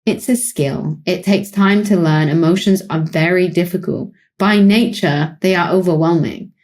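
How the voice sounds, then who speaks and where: A British woman with a British accent, a psychologist co-hosting a podcast, explaining calmly in relaxed conversation with light laughs. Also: fairly low pitch, moderate pace. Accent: British English. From Britain. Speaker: psychologist co-host.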